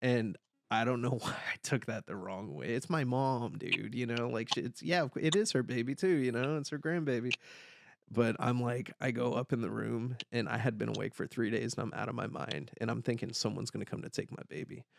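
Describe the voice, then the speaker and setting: A young man hosting a podcast, telling a story in casual chat, animated and swearing, loudly yelling the lines he quotes. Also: medium pitch, a little fast, gravelly, no room sound. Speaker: podcast host.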